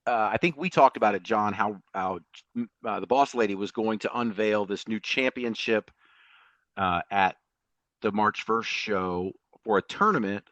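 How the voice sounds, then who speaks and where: A man co-hosting a podcast, recapping a show in a casual, animated storytelling way and laughing often. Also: on the low side, unhurried, dry recording, lo-fi sound. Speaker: podcast co-host.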